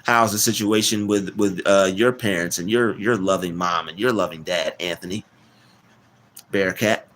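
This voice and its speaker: A man hosting a casual live stream, rambling, repeating words and giving shout-outs to chat. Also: low voice, moderate pace.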